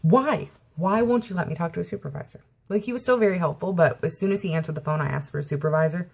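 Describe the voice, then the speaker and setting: Husky-voiced woman telling an indignant story. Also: on the low side, quick pace, few pauses. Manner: indignant retelling, constantly quoting herself with "I said". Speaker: vlogger. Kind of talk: story time rant.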